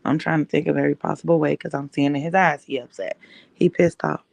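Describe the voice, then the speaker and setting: A woman's voice: low voice, fairly even intonation, fast, gravelly, a little mellow, no room sound. A woman podcast host telling a personal story in an emphatic way, repeating key phrases.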